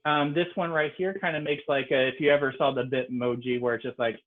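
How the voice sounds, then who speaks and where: A man's voice: medium pitch, steady tone, fairly quick, hardly any pauses. A man, a native English speaker, teaching an online French lesson in a casual, explanatory way with frequent ums. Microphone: video call. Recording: tinny video-call audio.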